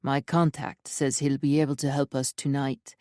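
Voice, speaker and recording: A woman reading an audiobook, voicing a grim, protective man who speaks low and steady. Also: moderate pace, no room sound, studio quality, lightly acted.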